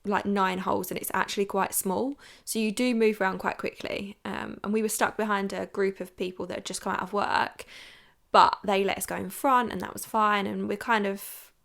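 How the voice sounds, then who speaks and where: Creaky-voiced woman telling a story. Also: medium pitch, flat delivery, moderate pace, a bit bright. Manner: chatty, frank, lots of "like". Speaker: podcast host. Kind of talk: storytelling chat.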